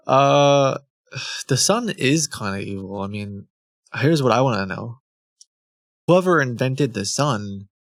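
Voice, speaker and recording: A male streamer in easy, unhurried casual chat. His voice has a gravelly, creaky edge, and he talks close to a desk mic in a dry, dead room. He jokes and breaks into laughter often. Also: medium pitch, dry recording.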